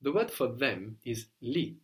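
A man teaching a spoken language lesson, explaining patiently and repeating words slowly for his student. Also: medium pitch, big pitch swings.

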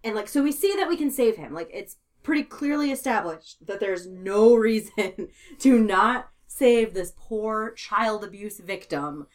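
A woman co-hosting a casual movie podcast, animated and laughing often as she mimics characters. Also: mid-range voice, a little slow. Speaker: podcast co-host.

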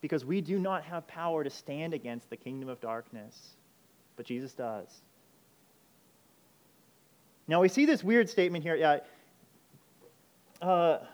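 A man preaching a sermon, emphatic, moving between urgent loud passages and quiet intense ones. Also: a little high, expressive, measured pace, long pauses. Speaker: pastor.

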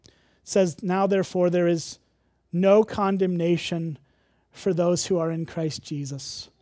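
A man's voice: sits high, little pitch movement, unhurried, dark tone, no echo, studio quality. A man from Illinois preaching a sermon, candid and conversational, with self-deprecating humor. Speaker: pastor.

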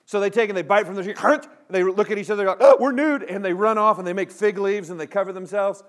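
A man preaches, his voice sitting high for a man. He rallies his congregation into call-and-response with plenty of humor. His delivery is energetic and animated. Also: quick pace. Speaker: pastor. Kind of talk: sermon.

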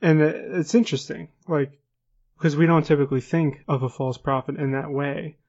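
A man's voice: a little high, fairly even intonation, moderate pace, darkish tone, highs cut off. A man co-hosting a podcast who reads from an ancient text and comments on it with wry, joking asides. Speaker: podcast co-host. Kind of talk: casual conversation and reading aloud of an ancient text.

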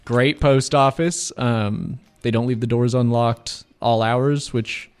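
A man's voice: mid-range voice, fairly even intonation, slow, clear, resonant tone. A man co-hosting a community radio show, chatting playfully and speaking directly to listeners. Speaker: radio DJ co-host. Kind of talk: casual radio banter.

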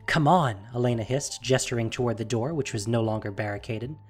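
A narrator reading a fantasy story aloud in a measured, steady storytelling manner. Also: mid-range voice, faint music behind.

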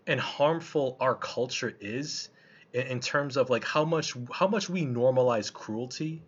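A man with a husky voice gives a casual film review, loose and colloquial, stumbling through restarts and fillers. The recording is a bit muffled and lo-fi, the highs dulled. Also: unhurried.

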